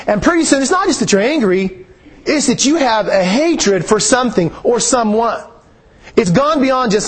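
Male preacher, husky and high-pitched, earnest and repetitive delivery. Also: lively intonation, fairly quick. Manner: earnest, repeats phrases for emphasis. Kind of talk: sermon.

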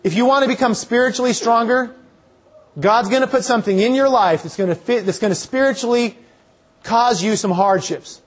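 High-voiced man preaching a sermon. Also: brisk. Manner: earnest, repeats rhetorical questions.

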